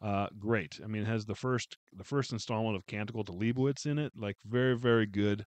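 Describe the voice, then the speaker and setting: A man's voice: lowish voice, brisk, no echo. A man giving a casual, heartfelt book review, rambling with many fillers and restarts.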